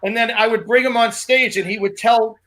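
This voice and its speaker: A comedian co-hosting a relaxed podcast, his voice high-pitched and bright. He rambles through his stories with restarts and asides. The talk is casual and chatty. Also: fairly quick. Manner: loose, rambling storyteller with restarts. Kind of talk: casual chat.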